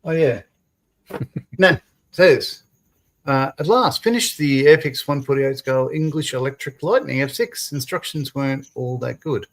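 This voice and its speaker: A man's voice: mid-range voice, unhurried. A man on a live model-building panel, reading out chat comments and laughing along. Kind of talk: casual live-stream chat.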